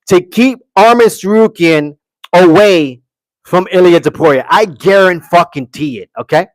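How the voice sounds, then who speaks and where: A little slow in pace, a man with a high voice and no echo hosts a live stream of brash, opinionated fight commentary. He reads chat comments out loud and answers them, with "okay" and "guys" on repeat.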